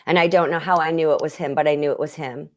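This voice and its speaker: A woman's voice: low voice, fairly even intonation, fast talker. A woman guest healer earnestly telling a personal spiritual story, with frequent restarts, in a conversation over a video call.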